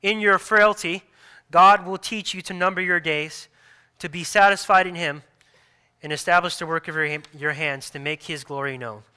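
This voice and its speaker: A man in his thirties, a pastor preaching a sermon earnestly, repeating phrases and restarting softly. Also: fairly high pitch, steady tone, normal speed, smooth.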